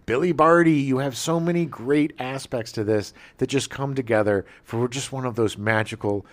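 A man's voice: mid-range voice, normal speed. A man in his forties co-hosting a podcast, chatting casually and enthusiastically about a movie, rambling with restarts. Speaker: podcast co-host. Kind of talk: casual movie review chat.

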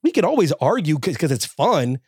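A man's voice: a little fast, breathy edge, dry recording, studio quality. A man co-hosting a podcast in casual chat. He talks in an emphatic, repetitive way and jumps into mocking quoted voices. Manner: animated, emphatic, repeats himself, jumps into high mocking quotes. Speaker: podcast co-host.

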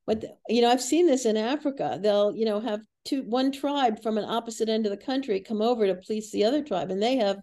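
A woman's voice: fairly high pitch, fairly quick, few pauses, dark tone. A woman physician as a podcast guest, talking casually and earnestly, with laughter between her warnings. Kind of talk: casual interview chat.

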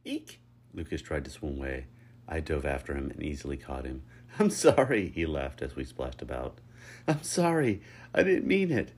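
A man reading a story aloud, voicing a small, playful young man who whines and squeals in a high voice. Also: little pitch movement, brisk. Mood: giggly.

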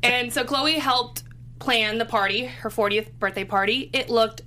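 A woman with a bright, crisp voice co-hosts a casual podcast. She talks freely and thinks out loud, often restarting her sentences, over a faint hum. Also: fairly high pitch, steady tone, measured pace. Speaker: podcast co-host. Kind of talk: casual chat about a reality show.

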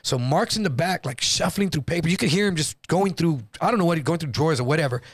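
A man telling a story in a loose, profane, casual way, jumping into higher voices when quoting people. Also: fast, no room sound, studio quality. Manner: animated, acts out quotes in higher voice. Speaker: guest storyteller.

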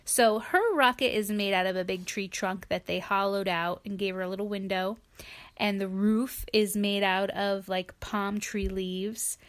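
A woman reading a picture book aloud to a child, gentle and playful, stopping for chatty asides. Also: medium pitch, steady tone, unhurried. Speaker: reader to a child.

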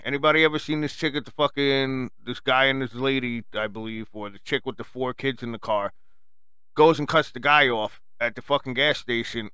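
A man rants furiously into the mic as host of his own radio show, cursing constantly and mocking the people he talks about. His voice is bright and forceful. The sound is dry and close. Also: mid-range voice, smooth, no echo. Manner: angry, swearing, mocking quoted people. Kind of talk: profane rant.

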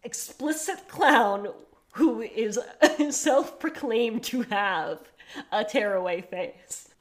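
A young woman co-hosting a podcast in casual chat, joking and laughing as she riffs. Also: a little high. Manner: playful, riffs with jokes and quick laughs. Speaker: podcast co-host.

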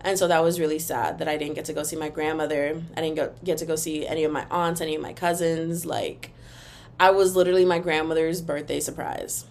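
Talking fairly quickly in a low voice, this young podcast host rants to her audience with lively, expressive energy. She breaks into bits of song and addresses listeners as "girl" and "y'all."

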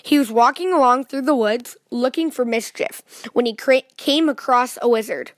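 A woman reading a children's storybook aloud in a lively way, asking her young listeners questions. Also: on the high side, moderate pace, no echo.

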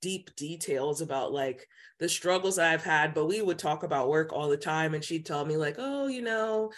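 A woman's voice: sits low, moderate pace. Chatty woman telling a story. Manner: chatty, many "like" fillers, animated quoting voices. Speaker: podcast guest, psychic intuitive. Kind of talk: casual storytelling chat.

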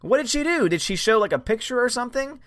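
A man's voice: very high voice, very animated, quick pace, fairly bright tone, no room sound, studio quality. A man hosting a live stream in casual chat, animatedly greeting viewers by name and answering their comments. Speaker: livestream host.

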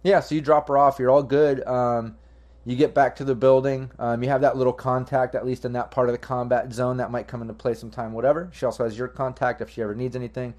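Casting: relaxed rambling game master guy, mid pitch, lots of ums. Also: quick pace. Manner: loose, rambling, frequent ums. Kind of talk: narrating a tabletop game.

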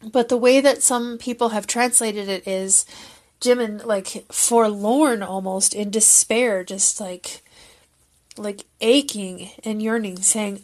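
A woman's voice: medium pitch, fairly even intonation, takes it slowly, darkish tone. A woman talking casually and earnestly, recapping a moment that moved her, thinking aloud with fillers and restarts. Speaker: fan commentator.

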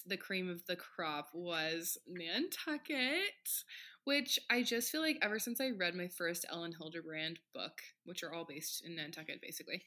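Young woman podcast co-host, bright and lower-pitched, playful and self-mocking. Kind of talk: casual chat.

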